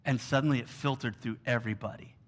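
A man preaching a sermon, telling a Bible story with animated storytelling and whiny acted-out quotes. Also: medium pitch, quick pace.

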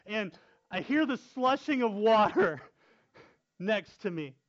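A man tells a story in a relaxed, chatty way, often laughing between phrases. His voice sits high for a man and is animated. The recording sounds dull and lo-fi. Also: slow. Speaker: youth pastor telling a story. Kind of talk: casual storytelling.

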